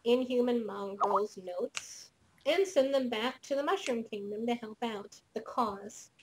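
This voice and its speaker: A woman voicing a paranoid male janitor informant in a tabletop game, speaking in hushed, urgent confessions. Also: on the high side, measured pace, heavy background noise, lightly acted. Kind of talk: tabletop role-play as game master.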